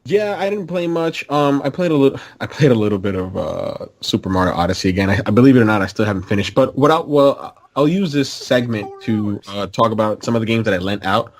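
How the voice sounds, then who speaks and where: Low-voiced easygoing podcast co-host. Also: male voice, expressive, fast, few pauses. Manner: easygoing storyteller, chuckles while telling anecdotes. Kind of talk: casual chat.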